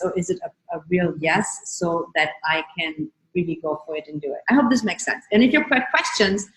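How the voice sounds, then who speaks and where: A woman wellness coach talks casually to her viewers, calm and gentle, repeating her key phrases and guiding them through slow breaths. Her voice sits at an ordinary pitch. The room around her rings with a noticeable echo. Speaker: wellness coach and show host. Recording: roomy echo.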